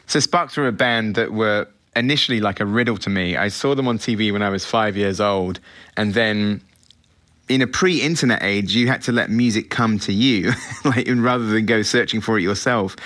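A man's voice: fairly low pitch, moderate pace, a bit bright. A middle-aged British man, a film director, answering interview questions in a chatty, reflective way with frequent restarts.

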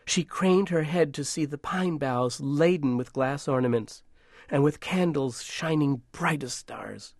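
A man narrating a storybook in a measured, hushed, gentle way. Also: on the high side, no echo, studio quality.

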